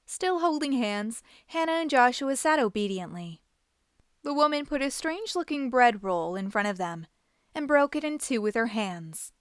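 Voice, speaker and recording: A woman hosting a reading show, reading a children's book aloud in an expressive, animated way. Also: fairly high pitch, normal speed, clean tone, dry recording, clean studio sound. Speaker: host and storybook reader.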